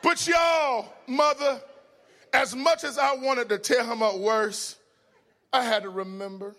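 With frequent laughter, this preacher tells humorous stories in a folksy, conversational sermon, moving from loud outbursts to hushed side remarks. His pitch is extremely high with fairly even intonation, he speaks a bit slowly, and some chatter can be heard in the background.

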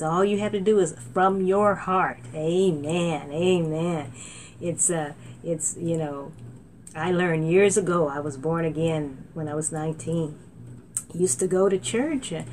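A middle-aged woman preaching a sermon as a minister, talking loosely with fillers and restarts and rising to excited exclaims. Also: on the low side, slight background noise. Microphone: laptop.

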